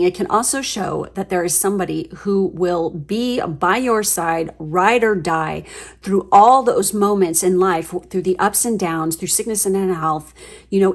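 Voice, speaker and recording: A woman giving a casual tarot reading to her viewers, chatty and gushing, swearing freely as she gets excited. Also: medium pitch. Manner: chatty, with fillers and trailing asides. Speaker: tarot reader.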